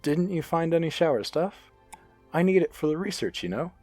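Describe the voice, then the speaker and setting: An eccentric scientist chirps along breezily, oblivious to the chaos around him, as a man puts him on. His husky voice bounces lively through its pitch over quiet music. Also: normal speed, no room sound. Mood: chirpy.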